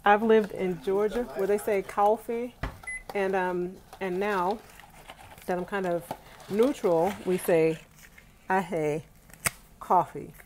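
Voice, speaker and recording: Woman, young adult, from Brooklyn, casual live-stream chat, animated, at home, middle pitch. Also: slow pace, slight background noise. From Brooklyn, New York, USA. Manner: chatty and animated, talks straight to viewers with Southern "y'all". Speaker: vlogger chatting with a live stream audience. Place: at home, indoors, on her bed on a rainy day.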